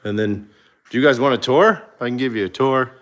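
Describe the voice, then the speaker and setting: A man hosting a casual livestream, touring his home garage in a halting way, with many fillers and self-corrections. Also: mid-range voice, a bit bright. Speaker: livestream host.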